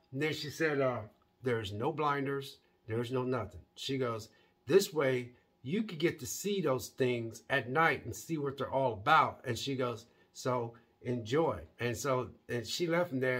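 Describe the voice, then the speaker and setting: A man's voice: medium pitch, fairly bright tone, slightly rough. A man recapping a TV episode in a loose, rambling way, with many restarts and fillers. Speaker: TV episode reviewer. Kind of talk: casual recap vlog.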